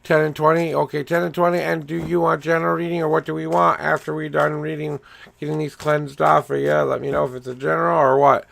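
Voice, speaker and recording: A middle-aged man with a heavily gravelly, fry-laden voice that sits a little high for a man. He talks to his viewers in a loose, rambling way while shuffling and reading tarot cards, and his pitch swings up and down as he goes. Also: little pitch movement, quick pace, fairly bright tone. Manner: chatty, rambling, addresses viewers directly. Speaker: tarot reader. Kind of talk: casual livestream tarot reading.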